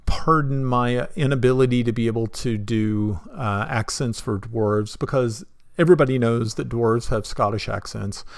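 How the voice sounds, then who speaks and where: Gravelly-voiced man running a tabletop game. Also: medium pitch, moderate pace, no echo, studio quality. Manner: rambling, self-deprecating, many restarts. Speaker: game master.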